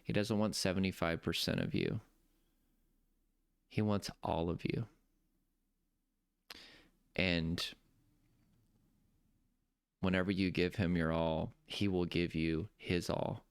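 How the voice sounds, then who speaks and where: A man coaching on nervous-system health gives an earnest, heartfelt talk about his faith, slowing down to stress key points. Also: deep voice, fairly even intonation, clean tone, no room sound. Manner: earnest, preacherly, slows down for emphasis.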